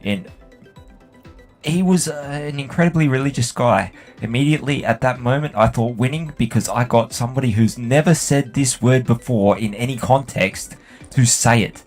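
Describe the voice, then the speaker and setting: A man's voice: medium pitch, normal speed, a little mellow, faint music behind. Swearing man ranting. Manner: profane, ranting storyteller. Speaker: gaming channel host. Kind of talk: rambling anecdote while playing a game.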